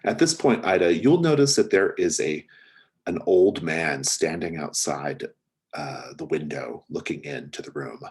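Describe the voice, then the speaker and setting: A man running a tabletop mystery game as game master, with a very deep, husky voice. He narrates in a relaxed, hesitant way, leaning on fillers as he goes. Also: a little slow.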